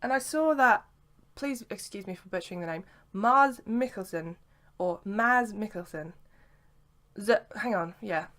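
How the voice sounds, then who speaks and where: A woman's voice: medium pitch, animated, a little fast, few pauses. A young woman telling a long story to camera in a casual vlog, rambling with lots of "sort of" and "like". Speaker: vlogger. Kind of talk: casual chat.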